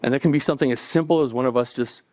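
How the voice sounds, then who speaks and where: A man's voice: mid-range voice, very fast, darkish tone, no echo. A man telling a true story to a live audience at a cafe event, in a conversational way that acts out the dialogue. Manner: conversational, acting out dialogue, chuckling between lines.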